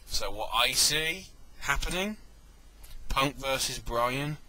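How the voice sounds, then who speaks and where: A man talks through a casual review in a rambling way, often stopping to correct himself and toss in jokey asides. His voice is very bright and sharp, with a faint hiss of noise underneath. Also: medium pitch, low-quality recording. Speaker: wrestling event reviewer.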